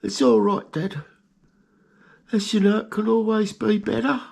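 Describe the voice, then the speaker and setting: Pet rat, male, content and chatty; high squeaky voice, husky , put on by a man. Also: fairly even intonation, a little slow, darkish tone, full character voice.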